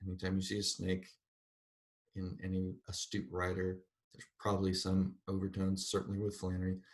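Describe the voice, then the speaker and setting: Male lit lecturer, lowish voice, reads then explains, thoughtful. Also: completely flat delivery, moderate pace. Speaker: literature lecturer. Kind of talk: university lecture with read-aloud passages.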